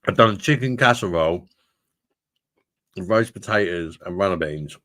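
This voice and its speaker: A man's voice: low voice, normal speed, a bit bright, dry recording, studio quality. A man casually chatting on a livestream, swearing freely and calling his viewers mate. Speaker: livestream host reading chat. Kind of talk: casual live chat.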